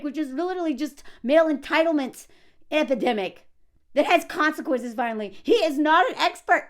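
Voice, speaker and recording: A middle-aged woman ranting to camera in a loud, emphatic vlog, often breaking into yelling. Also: high voice, lively intonation, brisk. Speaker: vlogger.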